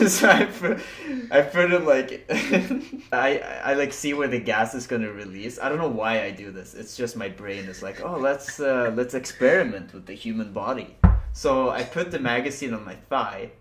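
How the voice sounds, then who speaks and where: A man's voice: mid-range voice, expressive, normal speed, fairly bright tone, a little hiss or hum. A young man co-hosting a podcast, telling stories in a casual, laughing, swear-heavy way and acting out his own past reactions. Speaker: podcast co-host. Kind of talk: casual chat. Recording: echoey room.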